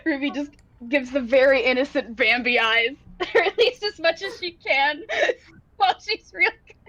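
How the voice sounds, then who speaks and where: A woman's voice: sits high, animated, moderate pace, pushed and bright, highs cut off. A woman playing a tabletop game, giggly and hesitant as she describes her character. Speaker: player.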